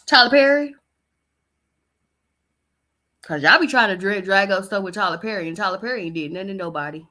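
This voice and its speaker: A woman's voice: mid-range voice, rapid-fire, pushed and bright. A young woman hosting a podcast, reading celebrity news and riffing on it in a sassy, chatty way. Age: young adult. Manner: chatty, sassy, reads news aloud and riffs on it. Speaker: podcast host. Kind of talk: casual gossip commentary.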